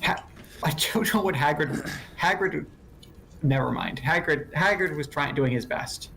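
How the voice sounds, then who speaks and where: Rambling, slightly high-voiced man chatting. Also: measured pace, vocal fry, bright, forceful tone, a little hiss or hum. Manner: rambling, self-correcting, laughs often. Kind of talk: casual chat.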